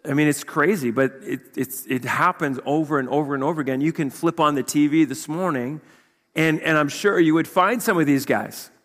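A man preaches in a slightly high voice, talking to the congregation in a loose, conversational way. He keeps pressing them with rhetorical questions, and his words trail off into a long, echoing hall reverb. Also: a little fast, a bit bright. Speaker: pastor. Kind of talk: sermon.

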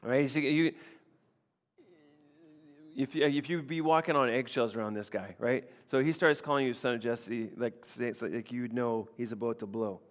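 A man's voice: mid-range voice, steady tone, normal speed, big-room sound. A man preaching a sermon conversationally, often repeating himself and checking in with the congregation. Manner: conversational, repeats phrases, frequent "right?" asides. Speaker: pastor. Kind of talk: expository sermon.

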